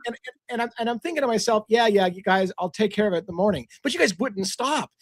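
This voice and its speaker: Fast-talking, high-voiced tired male host. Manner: animated storytelling, acts out quotes. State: tired from lack of sleep. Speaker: livestream host. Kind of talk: casual livestream chat.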